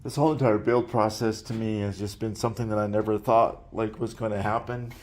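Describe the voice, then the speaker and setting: A man's voice: fairly low pitch, fairly even intonation, a little fast, darkish tone, slight background noise. A man earnestly telling his personal story in a casual, reflective way, often trailing off and restarting.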